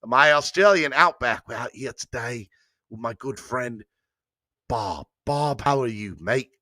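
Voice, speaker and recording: A man's voice: mid-range voice, measured pace, sharp tone, no echo, studio quality. A man putting on a joking, clumsy Australian outback accent as a bloke greeting a mate. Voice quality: exaggerated mock Australian accent.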